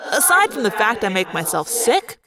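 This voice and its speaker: A woman's voice: on the high side, very animated, moderate pace, a crowd in the background. A woman reading the part of a sarcastic, wisecracking teenage boy in an audiobook. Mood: joking. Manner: joking, sarcastic.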